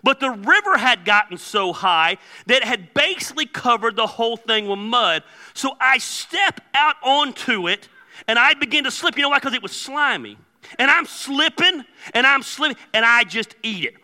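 Animated pastor in a reverberant hall. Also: male voice, extremely high pitch, moderate pace. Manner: joking storyteller, animated with sudden loud outbursts. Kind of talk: sermon. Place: church sanctuary.

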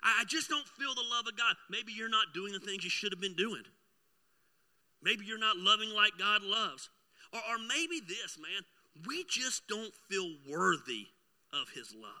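A middle-aged man, preaching a sermon and telling a personal story, swinging between loud bursts and hushed asides. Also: high-pitched, animated, moderate pace. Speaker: pastor.

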